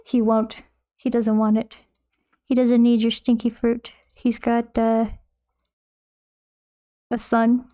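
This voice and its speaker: A woman's voice: a little high, level tone, measured pace, pauses often, dark tone. A young woman streamer chatting casually while painting, playful and swearing freely.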